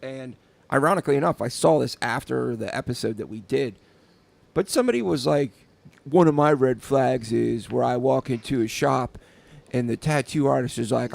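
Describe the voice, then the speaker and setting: A man chatting loosely on a podcast about tattooing, circling back with stumbles and fillers. His voice has a gravelly fry at the bottom, set at a middle pitch for a man. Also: expressive, moderate pace, darkish tone. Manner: rambling, repeats words, many fillers. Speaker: podcast co-host, tattoo artist. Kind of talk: casual chat.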